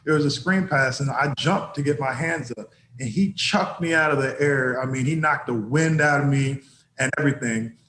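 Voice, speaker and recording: A man's voice: mid-range voice, normal speed, fairly bright tone, reverberant, slight background noise. A former football player telling anecdotes in a casual interview, often laughing as he goes.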